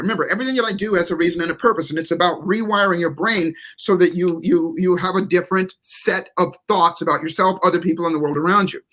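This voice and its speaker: A man's voice: sits high, a bit bright. A man speaking as a guest motivational speaker on a live interview show, emphatic and preacherly, repeating key words for stress.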